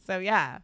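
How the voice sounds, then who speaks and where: A woman's voice: mid-range voice, sharp tone, no echo. A woman chatting casually as a podcast guest, laughing often as she talks. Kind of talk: casual chat.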